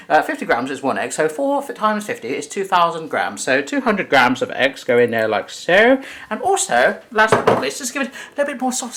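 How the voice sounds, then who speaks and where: Male cooking host, lively sing-song delivery, goofy rambling asides. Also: fairly high pitch. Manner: jokey, rambling, self-correcting asides. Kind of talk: comic in-character cooking demo.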